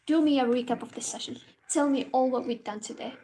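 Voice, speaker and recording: A woman's voice: high-pitched, brisk, dark tone, slight background noise. A woman mimicking a pushy male professor. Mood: demanding. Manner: insistent, needling questions.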